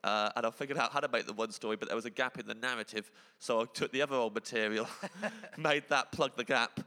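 A comedian tells tour stories in a bright, forceful voice, his words spilling out with restarts and chuckles. The sound carries a long hall reverb behind him. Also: mid-range voice, fast. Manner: animated storyteller, laughing mid-sentence, many restarts. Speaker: comedian guest. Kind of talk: casual chat, telling stand-up anecdotes.

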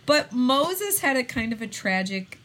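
A woman's voice: high-pitched, sing-song, a little slow, crowd noise. A woman co-hosting a podcast, telling stories in a casual chat and laughing often. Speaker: podcast co-host.

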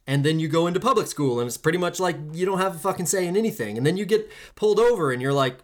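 A podcast host gives an impassioned, emphatic and preachy solo monologue, repeating phrases for effect and swearing casually. Delivery is very fast with lively intonation, and the pitch and pace swing widely between lines.

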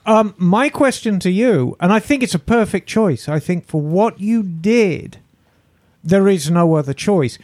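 A man hosting a podcast, asking a guest measured, thoughtful questions. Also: high voice, lively intonation, a little mellow, no echo, clean studio sound. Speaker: podcast host. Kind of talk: casual podcast interview.

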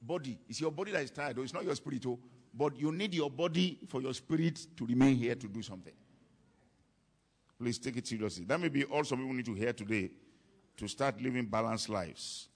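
A man's voice: medium pitch, lively intonation, a little fast. A man preaching a sermon to a congregation, emphatic and fond of repeating his key lines for weight. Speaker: preacher teaching on ministry.

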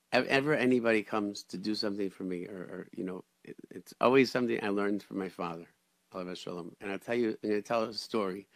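A man hosting a radio chat, telling stories in a lively way with many restarts and Hebrew and Yiddish words. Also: on the low side, creaky, no room sound. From Rochester, New York area. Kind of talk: casual storytelling chat.

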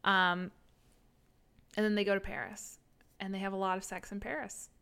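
A woman's voice: medium pitch, little pitch movement, normal speed, gravelly, pushed and bright, smooth. A woman co-hosting a podcast, recapping a book in a crude, playful, laughing casual chat. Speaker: podcast co-host.

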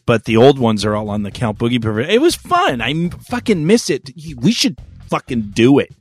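A man's voice: medium pitch, very animated, moderate pace, breathy edge, faint music behind. A man hosting a podcast, talking candidly and casually, with frequent swearing and laughter. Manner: candid, profane, laughs often. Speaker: podcast host. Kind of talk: casual chat.

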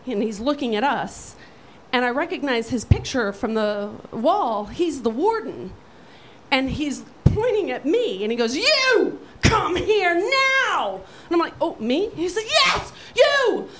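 A woman telling a profane, animated comic story on stage, brash and lively. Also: a little high, slight background noise, rough recording. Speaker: storyteller guest.

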